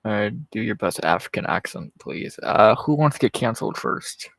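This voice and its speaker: A man's voice: on the low side, lively intonation, moderate pace, vocal fry, a bit bright. A man co-hosting a casual livestream chat, laid-back and amused, swearing now and then. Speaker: podcast co-host.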